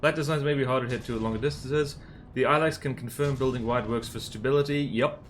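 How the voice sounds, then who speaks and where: A man's voice: medium pitch, steady tone, fast, slight background noise. A man from the American South giving rambling, casual live-stream commentary on a game, full of fillers and restarts. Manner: rambling, many fillers and self-corrections.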